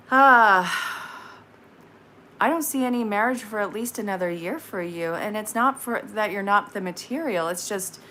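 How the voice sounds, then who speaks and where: A woman's voice: medium pitch, a bit bright, a little hiss or hum. Chatty woman in her thirties reading tarot. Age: 30s. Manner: chatty, frank, quick asides and laughs. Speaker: tarot reader on a live stream. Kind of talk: casual live-stream tarot reading.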